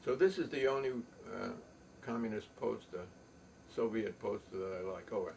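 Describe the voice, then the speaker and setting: An older man telling a long rambling story, halting with many ums and restarts. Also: lowish voice, vocal fry, darkish tone. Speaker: poet and storyteller. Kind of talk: rambling spoken reminiscence. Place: home loft. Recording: distant mic, faint room noise.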